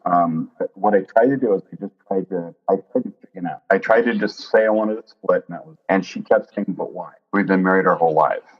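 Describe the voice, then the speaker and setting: A man in his fifties telling his own story in an interview, earnest and lively, often quoting what others said. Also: low voice, fairly quick, hardly any pauses, breathy edge, muffled recording. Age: 50s. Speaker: interview guest. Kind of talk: candid personal storytelling.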